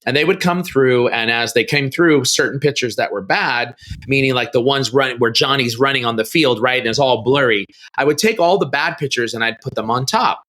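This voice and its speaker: A middle-aged man tells a story as a guest on a podcast interview. He has a bright, forward tone and acts out the people in his story with sudden jumps in pitch. He talks loosely and casually, like someone recounting an anecdote. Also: fairly quick. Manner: animated storyteller, acts out quoted dialogue with big pitch jumps.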